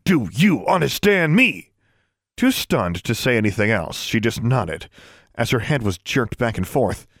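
An audiobook is read by a man whose voice is on the lower side, in a calm, measured delivery. The audio is clean studio sound without any room noise.

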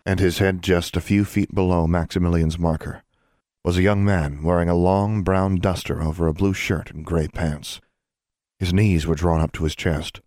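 A man narrating a storybook in a steady, measured way. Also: low-pitched, dry recording, clean studio sound. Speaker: audiobook narrator.

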